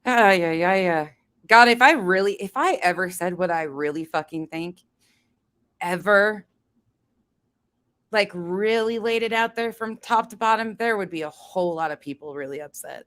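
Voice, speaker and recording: A woman's voice: mid-range voice, expressive, moderate pace, fairly bright tone, smooth. A woman hosting a casual livestream chat, blunt and profane, laughing often as she talks to her chat. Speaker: livestream host.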